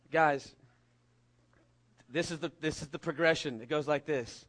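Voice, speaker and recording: A middle-aged man from California preaching a sermon, telling a lively story with jokes and acting out the voices of the people in it. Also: a little high, a little slow, long pauses. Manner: storytelling, animated and jokey, acts out voices. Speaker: pastor.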